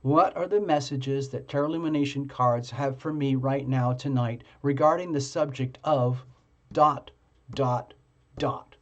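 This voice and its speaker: A man's voice: medium pitch, steady tone, highs cut off. Rambling man hosting a live tarot stream. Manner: chatty, halting, many fillers and restarts. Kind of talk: casual live-stream chat.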